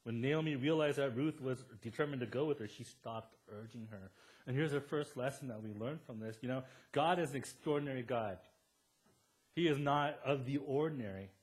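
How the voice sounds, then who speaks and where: A man preaching a sermon as a pastor in a church. He retells a Bible story in a lively way and acts out the characters' words in a raised voice. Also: medium pitch, moderate pace. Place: church sanctuary.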